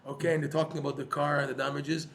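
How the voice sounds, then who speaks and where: A man giving a lively Torah class to a live audience, joking and using Hebrew terms. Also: fairly high pitch, rapid-fire, a little hiss or hum. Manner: animated, jokey, uses Hebrew terms. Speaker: Torah teacher.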